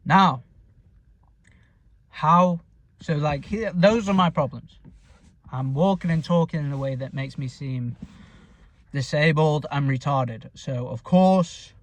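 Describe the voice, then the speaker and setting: A man's voice: a little high, slow pace, long pauses, no echo. A man with a northern English accent talks through a casual vlog. He is blunt and sweary, and he mumbles and rambles. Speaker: vlogger. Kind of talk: casual self-talk vlog.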